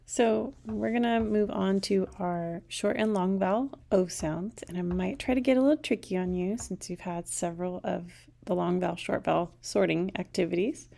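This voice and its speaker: A woman teaching a language lesson, saying each word slowly and clearly and then repeating it. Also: medium pitch, fairly even intonation, dark tone.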